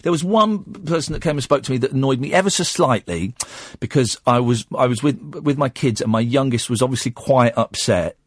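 A man's voice: medium pitch, fairly quick, husky, no echo, clean studio sound. A man hosting a late-night radio phone-in, talking in a playful, rambling way with many restarts. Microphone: studio microphone.

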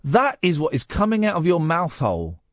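Male radio host, lively pitch, higher than most men, teasing and rambling, dry studio mic. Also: a little fast, no room sound. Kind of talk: late-night radio chat. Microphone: studio microphone.

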